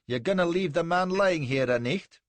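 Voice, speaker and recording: Man doing a gruff bearded man with a thick Scottish accent. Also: a little high, expressive, moderate pace, no echo, pitched above the performer's own voice, natural voice.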